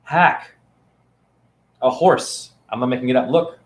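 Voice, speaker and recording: A man's voice: medium pitch, a little slow, reverberant. A man in a rambling, playful, preachy teaching monologue, filmed on his phone. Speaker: spiritual teacher. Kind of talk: casual teaching monologue to camera. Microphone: phone camera.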